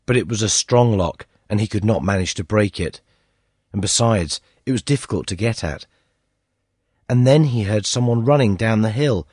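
A man narrating a story, reading in a measured, expressive way with a husky voice. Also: fairly low pitch, no echo, studio quality.

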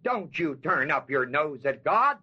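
A man's voice: on the high side, very animated, breathy edge. A man teaching a sermon on a Bible passage in a folksy way, leaning hard on key words and quizzing his listeners. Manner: emphatic, drawn-out stress on key words; folksy, asks the audience questions. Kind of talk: expository sermon. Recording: dull lo-fi sermon tape.

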